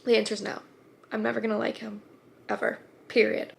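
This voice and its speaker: Young woman, book vlogger, casual chatty delivery, slightly high voice with vocal fry. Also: little pitch movement, fairly quick. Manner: chatty, filler-heavy, drops to whispers at times. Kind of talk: casual reading vlog.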